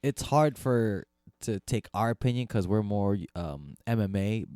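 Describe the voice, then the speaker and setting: Easygoing lower-voiced man in his thirties. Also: animated, dark tone, no room sound, clean studio sound. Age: 30s. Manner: easygoing, quick agreeing replies. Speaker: podcast co-host. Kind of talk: casual chat.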